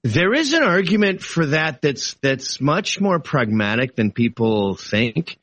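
A man arguing his side in a heated political debate, animated and argumentative, swinging between casual asides and sudden exclamations. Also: mid-range voice, a little slow, dry recording. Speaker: political guest.

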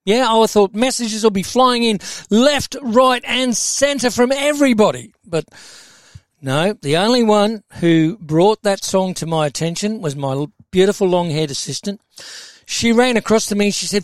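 A man's voice: high-pitched, expressive, moderate pace, dry recording, clean studio sound. A man presenting a radio show, chatty and jokey, laughing often. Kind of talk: casual radio chat.

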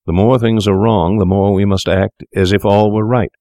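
Cool sinister young doctor, coaxing, lecturing, low voice, dry sound, as a narrator puts him on. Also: male voice, fairly even intonation, normal speed, mellow, dry recording, natural voice. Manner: smooth, persuasive, lecturing.

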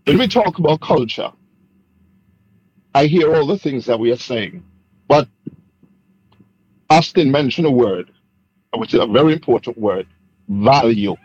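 Man, slow and husky, measured, emphatic, dull dry lo-fi recording. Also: mid-range voice, animated, a little mellow, dry recording. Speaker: panel guest. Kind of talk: panel discussion.

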